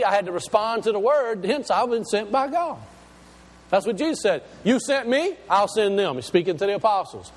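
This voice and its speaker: A man preaching a sermon, slowing down to stress key words and asking his listeners questions. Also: high voice, big-room sound.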